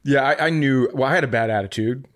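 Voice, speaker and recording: A man's voice: mid-range voice, fast, a bit bright. A male comedian guest telling a story in casual chat, wry and profane.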